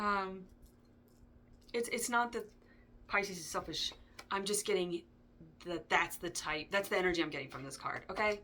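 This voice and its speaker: A woman's voice: mid-range voice, moderate pace, long pauses, pushed and bright. A woman giving a casual tarot reading, chatty and digressive, with frequent ums and asides. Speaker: tarot reader.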